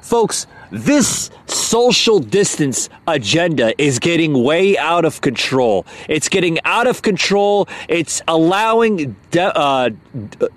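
A man's voice: a little high, sing-song, slow. A man hosting a political commentary podcast, talking in an angry, aggravated way with many hesitant fillers. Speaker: podcast host.

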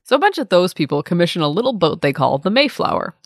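A woman with a low voice and a lively, swooping delivery narrates history for a comedy podcast. Her asides are sarcastic and deadpan. The recording is dry and close. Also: fast talker, dry recording. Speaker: podcast co-host.

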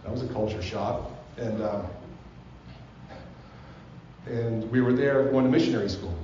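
A man's voice: mid-range voice, unhurried, dark tone, a little hiss or hum. A man, a pastor, delivering a sermon as earnest personal storytelling in a church. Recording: roomy, slightly dull live sermon recording.

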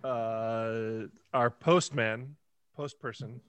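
A man co-hosts a comedy podcast and tells a story with a laughing, self-deprecating manner. His voice sits at an average pitch, and the recording is dry and close with no room sound. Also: fairly even intonation, extremely slow, a bit bright, smooth, dry recording. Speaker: podcast co-host. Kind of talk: casual comedy podcast chat.

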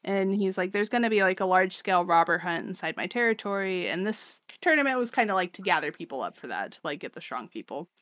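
A woman's voice: fairly low pitch, very animated, quick pace, hardly any pauses, fairly bright tone, dry recording, studio quality. Casual profane woman recapping a story. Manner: loose and profane, acting out characters' lines with lots of "like". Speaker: podcast co-host. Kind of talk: casual chat, recapping a manga.

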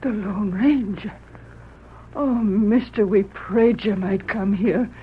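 A woman's voice: medium pitch, close to an everyday voice. Woman playing a tearful frontier wife. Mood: grateful. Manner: slow, heartfelt. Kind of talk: 1940s radio drama acting. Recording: dull old radio recording with faint hiss.

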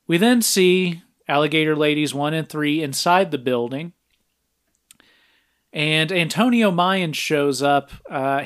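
A man co-hosts a podcast, summarizing a film's plot scene by scene in an easygoing way. His voice sits a little high for a man, and he keeps stopping for filler sounds as he goes. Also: smooth. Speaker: podcast co-host. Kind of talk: casual film recap.

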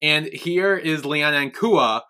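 A man's voice: a little high, slow, pushed and bright, clear, resonant tone. A young man co-hosting a podcast in casual chat, laid-back, swearing casually as he retells scenes. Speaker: podcast co-host.

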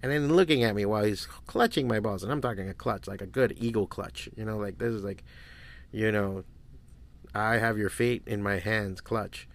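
A man's voice: on the low side, a little fast, vocal fry. A man in his forties hosting a solo podcast, telling stories in a crude, rambling way and swearing freely. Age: 40s. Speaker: podcast host. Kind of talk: casual solo podcast monologue.

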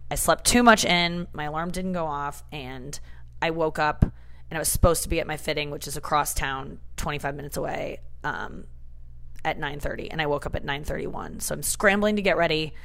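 A woman's voice: sits low, a bit bright. A woman comedian hosting a casual podcast, chatty and rambling with lots of fillers, recorded on the go in the back room of a hair salon. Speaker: comedian and radio host. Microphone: portable setup recorded on the go, not a studio.

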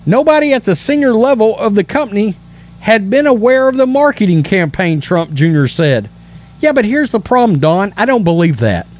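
A man's voice: high-pitched, expressive, moderate pace, darkish tone. A man hosting a political commentary show, reading news aloud and reacting with emphatic indignation and stammered restarts.

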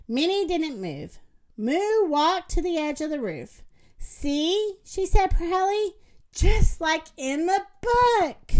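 Woman reading a picture book aloud. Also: sits high. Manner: slow, expressive read-aloud. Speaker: storyteller.

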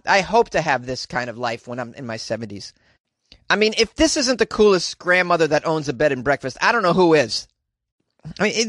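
A man with a fairly high voice hosts a comedy news podcast, rambling through jokes and chuckling at himself. The sound is dry and close, with no room around it. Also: a bit bright, no echo. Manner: jokey, rambling, laughs at own jokes. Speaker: podcast host.

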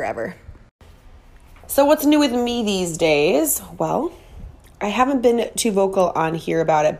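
A woman's voice: lowish voice, creaky. A middle-aged woman hosting her own podcast, talking in a heartfelt, emotional way with bits of self-deprecating humor. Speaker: podcast host. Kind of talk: personal podcast monologue.

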